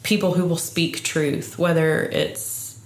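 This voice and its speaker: A woman guest speaking earnestly about faith, halting with fillers. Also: deep voice, fairly even intonation, roomy sound. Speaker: podcast guest. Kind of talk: heartfelt prayerful talk.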